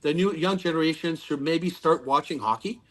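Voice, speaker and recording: Guest: man, 50s, chatty storyteller, slightly high voice. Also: a little fast, a bit bright. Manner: rambling storyteller with many restarts. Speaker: guest, former pro hockey player. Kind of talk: casual podcast interview.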